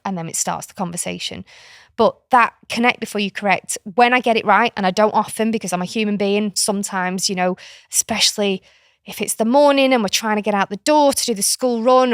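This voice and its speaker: A woman's voice: medium pitch, a bit bright, no room sound. Frank, chatty British woman, dry sound. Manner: frank, chatty explainer who slips into playful voices. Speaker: podcast guest, author and kinship carer. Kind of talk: casual podcast conversation.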